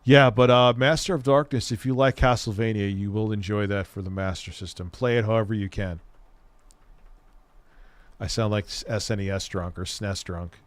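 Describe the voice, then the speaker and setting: A man's voice: fairly low pitch, steady tone, moderate pace, dry recording. A man hosting a casual livestream, chatting with viewers in a rambling, enthusiastic way and swearing freely. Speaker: streamer host.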